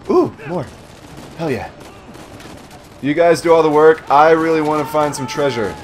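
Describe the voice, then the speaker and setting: A man giving casual, joking commentary while playing a shooter game, swearing often and yelling at enemies. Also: fairly high pitch, expressive, a little slow, slight background noise. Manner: jokey, swears a lot, shouts at enemies. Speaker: gamer doing a let's play. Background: faint game music and gunfire.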